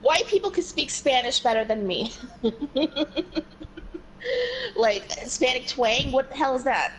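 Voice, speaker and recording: A woman from New Jersey chatting while gaming, blunt and quick to swear. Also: high-pitched, big pitch swings, a little hiss or hum, rough recording. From New Jersey, USA. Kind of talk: casual chat while gaming.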